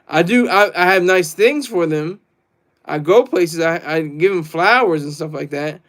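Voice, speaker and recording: A man's voice: a little high, moderate pace, a bit bright. A man hosting a casual livestream, reading chat comments and rambling boastfully, laughing often. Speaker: livestream host.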